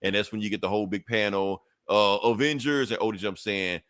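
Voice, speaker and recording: A deep-voiced man hosts a podcast and recaps a comic book in loose, casual talk. He swears freely, corrects himself as he goes, and keeps the story rambling along. The recording is dry and close, with no room around it. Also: fairly even intonation, brisk, few pauses, fairly bright tone, no echo. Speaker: podcast host.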